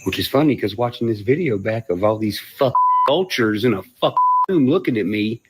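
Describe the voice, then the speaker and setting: A man's voice: on the low side, animated, normal speed. A man telling a rambling story on a livestream, swearing and laughing between phrases. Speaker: musician on a livestream. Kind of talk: rambling live-stream storytelling.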